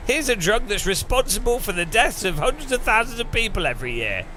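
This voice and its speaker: A man's voice: high voice, very animated, bright, forceful tone, a little hiss or hum, voice pushed up, heavily acted. A man putting on a fake-French wine pusher. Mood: mock earnest. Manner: exaggerated, slow and sing-song. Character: mock Frenchman, blithe, pushing wine on kids.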